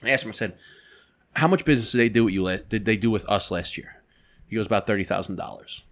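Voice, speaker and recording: Dude on a podcast rambling about work stuff, swearing, lots of "right?" and "like". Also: male voice, on the low side, fast talker. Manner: casual and profane, with lots of fillers. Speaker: podcast co-host. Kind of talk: casual storytelling chat.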